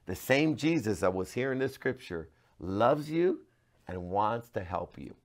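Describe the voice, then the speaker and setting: A man, a pastor, giving a devotional sermon to camera, moving from hushed, earnest talk to loud, pleading cries. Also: on the low side, big pitch swings, measured pace. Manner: passionate, swings from hushed to loud cries when quoting.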